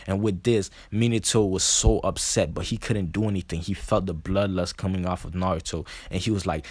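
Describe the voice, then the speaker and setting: A man casually retelling a fan story, halting with many fillers and restarts. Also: sits low, steady tone, dry recording.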